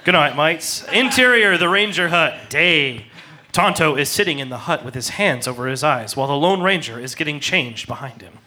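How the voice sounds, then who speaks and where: A man's voice: on the high side, expressive, normal speed, sharp tone, a little hiss or hum. A man reading out stage directions in a plain, matter-of-fact way. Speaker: narrator.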